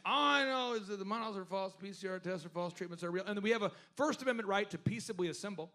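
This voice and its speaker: A man with a fairly high voice speaks to a live workshop audience. He hosts with animated storytelling, turning to the room with questions. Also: fast talker, few pauses. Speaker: host.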